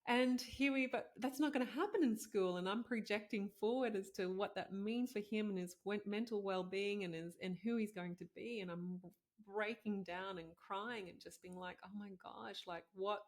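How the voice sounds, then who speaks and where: A woman's voice: mid-range voice, moderate pace. A woman in her thirties, a podcast host and doctor, telling a personal story in a heartfelt, conversational way with many fillers.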